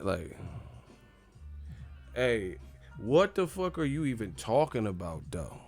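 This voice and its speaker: A man's voice: fairly low pitch, very animated, unhurried, creaky, long pauses, soft background music. Profane joking man on a live stream. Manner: profane, joking, mocking rants. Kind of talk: casual live-stream commentary.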